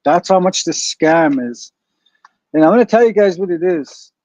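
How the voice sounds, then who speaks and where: A man's voice: high-pitched, lively intonation, normal speed, darkish tone, no room sound. A man rambling through a profane story to his viewers, often saying "you guys", on a dull lo-fi recording. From Canada. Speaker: streamer. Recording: dull lo-fi dry sound.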